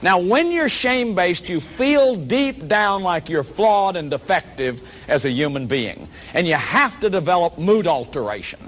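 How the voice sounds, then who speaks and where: A man's voice: high-pitched, sing-song, unhurried, hardly any pauses, fairly bright tone. A man giving a public lecture as a workshop leader, earnest and emphatic, often repeating words as he restarts.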